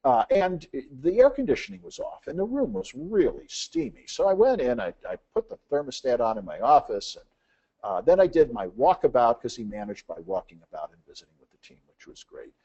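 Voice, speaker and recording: A man's voice: mid-range voice, sing-song, brisk, warm tone, slightly rough, dull audio. A man giving a business presentation, telling anecdotes and acting out the dialogue, with frequent "uh" fillers.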